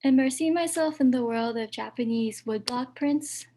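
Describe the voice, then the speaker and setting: A woman calmly reading a reflective excerpt from her comic at a workshop. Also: high-pitched, moderate pace. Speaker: workshop reader.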